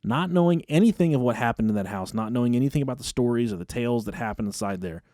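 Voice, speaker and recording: A man's voice: mid-range voice, animated, quick pace, warm tone, dry recording, studio quality. A man hosting a podcast, telling a spooky story in a profane, casual, comedic way. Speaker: podcast host.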